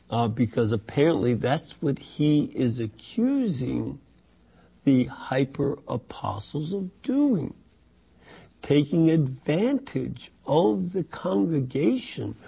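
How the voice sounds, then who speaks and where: A man teaching a Bible study, reading passages and explaining them in an unhurried way with many fillers and restarts. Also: a little high, sing-song, vocal fry, dark tone, slightly rough, highs cut off.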